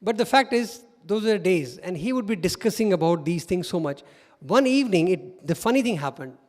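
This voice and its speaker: A middle-aged man with an Indian English accent tells stories as a guest speaker. He speaks in a high-pitched, animated voice and laughs often. The sound carries a long reverb, as if from a hall. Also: fairly quick. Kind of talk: storytelling talk.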